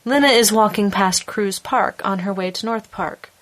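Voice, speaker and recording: A woman reading a short story aloud in a measured, calm storytelling manner. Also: medium pitch. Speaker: story narrator. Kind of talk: scripted narration.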